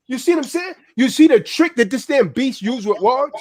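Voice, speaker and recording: High-voiced man on a profane rant. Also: lively intonation, a little fast, hardly any pauses, a little mellow. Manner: profane, preaching, repeats "man" often. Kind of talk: heated political rant.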